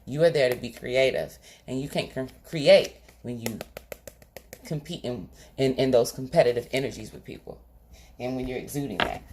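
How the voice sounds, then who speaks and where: A woman's voice: very deep voice, moderate pace, a little mellow, slight background noise. A woman doing a tarot reading straight to her viewers, in a casual, colloquial style. She is emphatic and often stops to check in with "okay?". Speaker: tarot reader. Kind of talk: direct-to-camera tarot reading.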